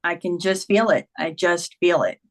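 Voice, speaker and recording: This fairly low-pitched woman speaks at a moderate pace. In her fifties and interviewed about her memoir, she tells personal stories earnestly in an open conversation, dramatizing quoted lines from others.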